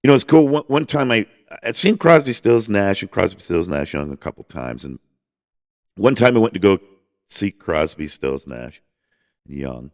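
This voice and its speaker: A man's voice: low voice, big pitch swings, normal speed, darkish tone. A man hosting a casual music podcast, rambling enthusiastically with lots of restarts and the odd swear. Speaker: podcast host.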